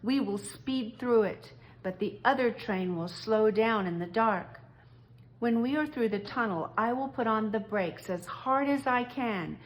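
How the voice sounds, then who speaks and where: Woman reading a calm, kindly engine driver. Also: a little high, unhurried, close to an everyday voice. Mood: stern. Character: kindly but stern male train engine driver. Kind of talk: storybook read-aloud.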